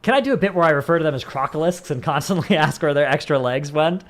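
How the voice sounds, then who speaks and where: A fast-talking man with a slightly high, bright, animated voice chats with his livestream viewers. His accent is Northern Californian, from the San Francisco Bay Area, and his talk rambles, packed with "like."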